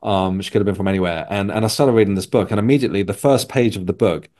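A man's voice: on the low side, fast, mellow. A man from England, a podcast guest, telling a personal story in a loose, rambling way with frequent restarts. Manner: rambling, self-correcting storyteller. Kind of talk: casual conversation.

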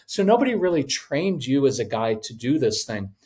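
A man in his fifties giving casual parenting advice on a podcast, animated and acting out quoted voices. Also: medium pitch, moderate pace. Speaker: podcast guest, parenting coach.

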